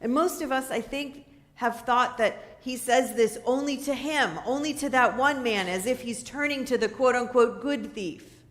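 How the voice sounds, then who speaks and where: A woman's voice: fairly high pitch, normal speed, fairly bright tone. A woman pastor preaching a sermon in a conversational way, checking in with her listeners. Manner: conversational, asks the listeners questions, light laughter. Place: church sanctuary.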